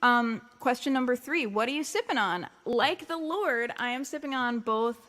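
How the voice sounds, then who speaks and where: A woman's voice: fairly high pitch, normal speed, fairly bright tone. A woman with a Long Island accent, a musician chatting casually and jokingly on her livestream while reading out viewer comments. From Long Island, New York.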